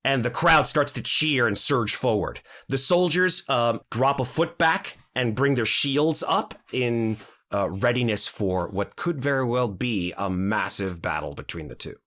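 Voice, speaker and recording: Male dungeon master, lively bright narration of a tabletop game. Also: medium pitch, a little slow.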